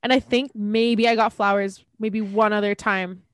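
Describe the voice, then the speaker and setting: A woman's voice: medium pitch, steady tone, normal speed, a crowd in the background. A young woman co-hosting a casual podcast chat, earnest and sentimental, with lots of "like" and "um". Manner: earnest, sentimental, filler-heavy. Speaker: podcast co-host.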